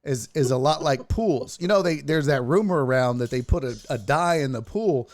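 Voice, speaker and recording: Male show host, casual chat, animated storytelling, lively pitch, swearing. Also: normal speed. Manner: animated storyteller, acts out quotes, swears freely.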